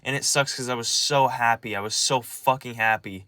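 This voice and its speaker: A man's voice: medium pitch, moderate pace, few pauses, sharp tone, no room sound. A young man with a mid-range voice vents in a raw, agitated confessional vlog, stumbling over false starts and swearing as he rambles on. The recording is close and completely dry, with no room sound around the voice.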